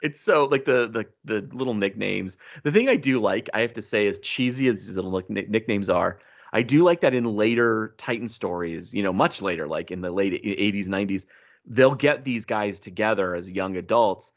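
A man co-hosting a casual comic book podcast, laughing often and acting out quoted dialogue with animated delivery. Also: lowish voice, normal speed, muffled recording. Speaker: podcast co-host.

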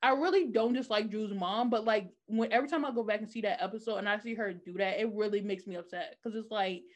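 A woman's voice: mid-range voice, quick pace. A woman in casual chat, animatedly retelling a TV episode and acting out the characters' lines. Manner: animated storytelling, acting out quotes in different voices. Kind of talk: casual chat recapping a TV show.

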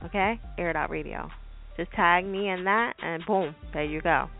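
A woman with a gravelly voice hosts a call-in radio show at a normal speed, talking casually in a blunt, profane, chatty way. She acts out voices in high, squeaky tones, and the sound is tinny like a phone line, with music behind.

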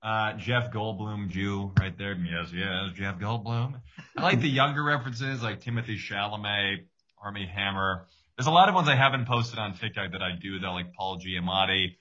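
Energetic young comic guest, bright tone, lo-fi audio. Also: male voice, on the low side, normal speed. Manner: energetic, many likes. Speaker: guest comedian. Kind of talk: casual podcast chat. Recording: dull lo-fi sound.

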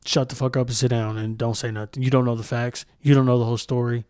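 Heated, profane man with a dark voice. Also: medium pitch, flat delivery, fast, dry recording, studio quality. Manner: heated, profane, repeats himself; frequent restarts while searching for words. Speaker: podcast host. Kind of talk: solo podcast monologue.

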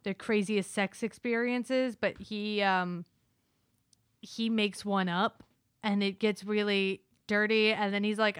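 A woman's voice: mid-range voice, steady tone, unhurried, smooth, no echo, studio quality. A woman co-hosting a casual movie review chat, retelling scenes with lots of fillers and quoted lines. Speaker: podcast co-host.

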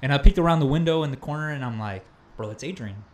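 A man's voice: fairly high pitch, very fast. A young man hosting a casual chat, talking with enthusiasm and lots of slang. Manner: enthusiastic, slangy, full of "bro" and "dude". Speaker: host.

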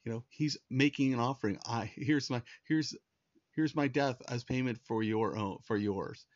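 A man's voice: mid-range voice, moderate pace, dry recording, highs cut off. A man preaching a sermon in an earnest, conversational way, often restarting his sentences. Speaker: pastor.

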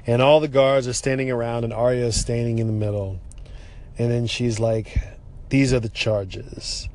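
A man's voice: medium pitch, fairly quick. Exasperated, swearing man recapping a show. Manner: animated, exasperated, swears freely. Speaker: TV episode recapper. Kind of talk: casual spoken recap.

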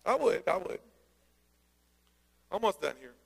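A man preaching a sermon, energetic and conversational, with joking asides. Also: high-pitched, unhurried, vocal fry, breathy edge. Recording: long hall reverb.

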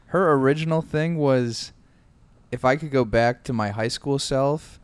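A host keeps a casual chat moving with wry follow-up questions. His voice is middle-pitched and plain. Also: unhurried.

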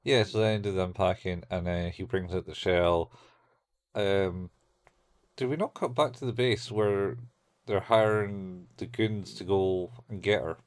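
Laid back podcast dude, lowish voice, dry close mic, filling in plot bits. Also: male voice, measured pace, no room sound. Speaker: podcast co-host. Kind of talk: casual chat recapping an anime.

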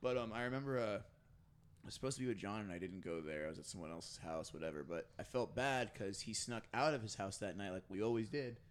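A man's voice: on the low side, lively intonation, fast talker, a little hiss or hum. A man chatting casually, rambling through a story in slang. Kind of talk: casual chat.

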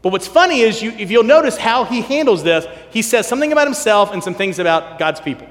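Animated high-voiced male preacher in reverb. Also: quick pace. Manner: animated, acts out quotes, drops to soft hush for emphasis. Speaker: pastor. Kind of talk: sermon. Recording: long hall reverb.

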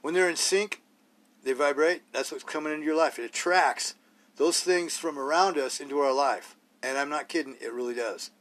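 A man's voice: fairly high pitch, moderate pace, a bit bright. A man hosting a solo podcast, talking bluntly and rawly in a rambling way, full of rhetorical questions. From Idaho, US. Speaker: podcast host.

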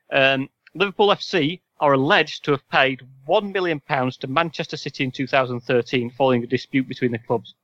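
A man's voice: mid-range voice, fairly bright tone, no room sound, dull audio. A man hosting a casual podcast quiz, reading questions with wry, sarcastic asides. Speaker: podcast host and quizmaster.

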